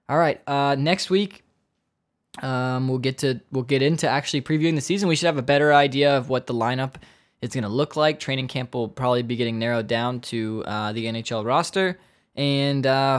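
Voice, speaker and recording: A man hosting a casual solo podcast, talking at a middle pitch. He riffs with profane jokes and slips into mock-dramatic asides. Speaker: podcast host.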